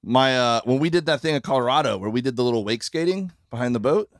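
A man, a comedian guest on a podcast, talking casually on a tour bus and rambling with halting restarts. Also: mid-range voice, no echo. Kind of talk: casual chat.

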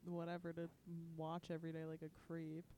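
A woman's voice: deep voice, monotone, fairly quick, warm tone. A woman co-hosting a podcast, adding dry, sarcastic asides in casual chat. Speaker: podcast co-host.

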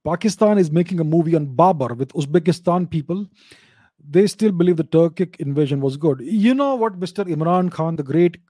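A man's voice: fairly high pitch, mellow, no room sound, studio quality. A man from India, giving opinionated casual commentary, often repeating and restarting his words.

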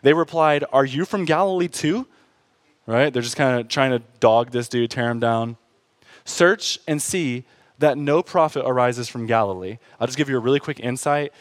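A man preaching a sermon in an animated, conversational way, often tossing in quick asides to the congregation. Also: medium pitch, no room sound. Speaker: pastor.

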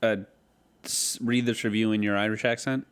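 A man's voice: lowish voice, level tone, normal speed, smooth. A man co-hosting a casual chat, loose and rambling, with crude asides. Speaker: podcast co-host.

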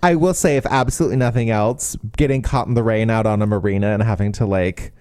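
A podcast co-host recapping a romance novel in casual chat, mocking the plot with animated commentary. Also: medium pitch, fast, smooth, dry recording, studio quality.

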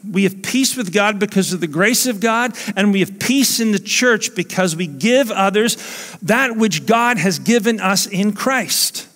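A man's voice: high-pitched, a bit bright, in a large hall. A man preaching a sermon as pastor, earnest and emphatic, repeating his key phrases.

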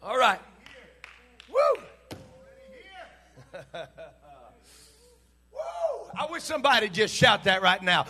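A man preaching a sermon to his congregation in church, fervent and shouting at its peaks, then dropping into casual joking asides. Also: high-pitched, expressive, unhurried, long pauses. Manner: impassioned preaching that builds to shouts. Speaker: pastor.

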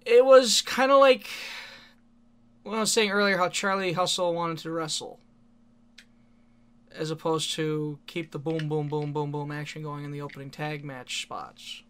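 A man rambles through stories from his wrestling matches in a loose, profane, laughing way. His voice is bright and clear, pitched a little above the usual for a man. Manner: rambling, laughs often, swears casually. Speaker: independent wrestler. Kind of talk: casual storytelling monologue.

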